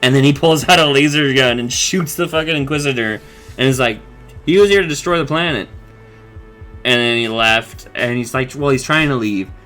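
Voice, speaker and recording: A man gives a casual, profane recap of a cartoon episode and tumbles quickly from one beat to the next. His voice is bright and forceful at a middle pitch, with faint music playing underneath. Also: steady tone. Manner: rambling, profane, quick retelling with acted quotes. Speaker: show recap vlogger.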